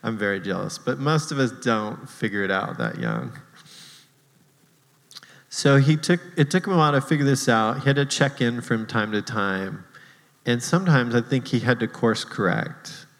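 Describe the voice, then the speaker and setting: A man's voice: medium pitch, animated, moderate pace, creaky, fairly bright tone, in a large hall, poor audio. Casual self-deprecating male pastor preaching. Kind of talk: sermon.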